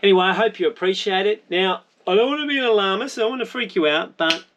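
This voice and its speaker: A man's voice: high-pitched, quick pace, a bit bright, highs cut off. An Australian man narrating his spearfishing vlog in a rambling, jokey, self-mocking way. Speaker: spearfishing vlogger.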